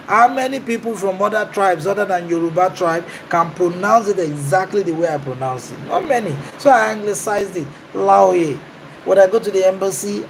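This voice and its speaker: A man's voice: high voice, a little hiss or hum, low-quality recording. A man, a business coach giving an emphatic talk and answering his own questions. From Nigeria.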